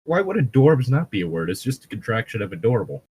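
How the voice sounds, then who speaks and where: A man's voice: medium pitch, big pitch swings, fast talker, darkish tone, slight background noise. A man reading a first-person story post aloud on a casual podcast, playful and prone to laughing fits. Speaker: co-host reading stories.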